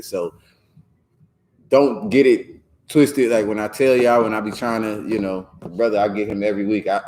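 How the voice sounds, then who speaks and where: A man with a low, deep voice leads a scripture class in loose street slang. He rambles from one point to the next and keeps checking in with "you know what I'm saying?" A faint hiss of background noise runs under the recording. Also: darkish tone. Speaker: teacher leading a scripture class. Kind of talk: casual talk in a religious class.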